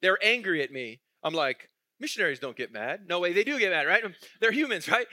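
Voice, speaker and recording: A man's voice: high voice, sing-song, fairly quick, pushed and bright, dry recording, studio quality. A male pastor preaching a sermon in a conversational way, asking the congregation questions and chuckling through his stories.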